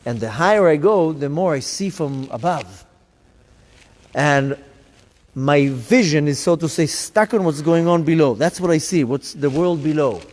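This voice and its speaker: A man's voice: fairly high pitch, animated, a little slow, a little mellow. A man, a rabbi, telling his story to a congregation, acting out his own thoughts and the voices of others. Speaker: rabbi giving a talk. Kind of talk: live talk to a congregation. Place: synagogue hall. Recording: live synagogue hall with long reverb.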